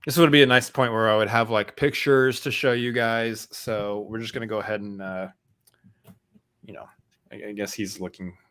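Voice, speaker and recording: A man co-hosting a casual film podcast, his voice sitting fairly low. He rambles and restarts often, filling gaps with ums and uhs. He keeps it easygoing and self-deprecating. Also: fairly even intonation, moderate pace, fairly bright tone. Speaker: podcast co-host. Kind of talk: casual chat.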